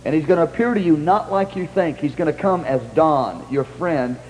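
Under long hall reverb and a faint hum, a man with a voice on the high side talks at a moderate pace. It's a conversational retelling of a shared story, in which he quotes others and nudges his partner to keep going.

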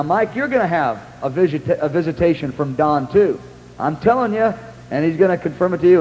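Guy preaching, slightly high voice, rambly stories, echoey hall with a faint hum. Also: darkish tone, lo-fi sound. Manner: rambling anecdotes with many restarts and acted-out quotes. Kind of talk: storytelling sermon.

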